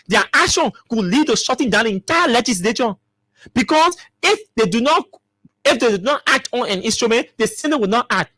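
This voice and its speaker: A man's voice: very high-pitched, bright, forceful tone, no room sound, clean studio sound. A man with a Liberian English accent hosts a talk show, giving emphatic political commentary full of repeated rhetorical questions.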